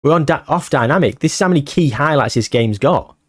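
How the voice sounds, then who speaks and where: A man's voice: on the high side, a little fast, husky, dry recording, studio quality. Anxious man commentating his own game. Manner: anxious, breathless, bursts into excited shouts. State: out of breath. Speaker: gaming YouTuber.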